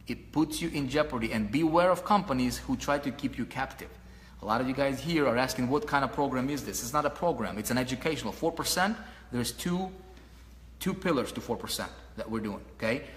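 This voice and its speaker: A man giving a motivational marketing talk to an audience, animated, asking the listeners questions and repeating his points while pacing around. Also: medium pitch, in a large hall, slight background noise. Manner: paces around while talking. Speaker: online marketing mentor.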